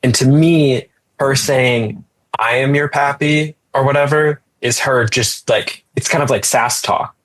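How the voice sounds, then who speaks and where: A man's voice: mid-range voice, measured pace, a bit bright. A man co-hosting a casual discussion, hesitant and restarting often as he checks his notes. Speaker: podcast co-host.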